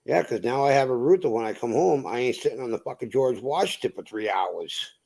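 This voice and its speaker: A man from Massachusetts tells a trucking story in casual, profane chat. He acts out the voices of the people in it with animated quotes. His pitch sits in a middling range. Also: brisk, creaky. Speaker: truck driver.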